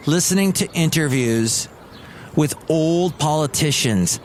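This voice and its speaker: A man hosting his own solo podcast, rambling in a casual, excitable, grumpy joking manner. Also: on the high side, a little slow, a little hiss or hum. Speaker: podcast host.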